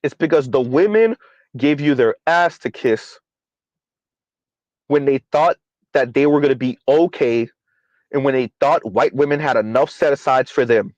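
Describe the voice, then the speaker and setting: This livestream commentary host is a man with a medium-pitched, darkish voice who speaks at a moderate pace and pauses often. He talks emphatically to viewers, reads out their comments, and repeats lines for effect. The audio is dull, with no room sound.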